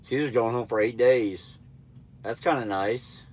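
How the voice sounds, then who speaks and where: A man with a congested, nasal voice talks through a live stream in an easygoing, rambling way. His pitch sits in an ordinary middle range, and he answers viewers bluntly and plainly. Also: unhurried, husky. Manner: laid-back, rambling, blunt. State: stuffy nose. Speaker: truck driver trainer livestreaming.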